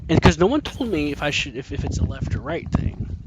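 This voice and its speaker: A man's voice: fairly high pitch, very animated, brisk, rough recording. A young man in casual voice chat, telling a profane, exasperated story about a teammate in a game. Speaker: gamer. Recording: loud background noise.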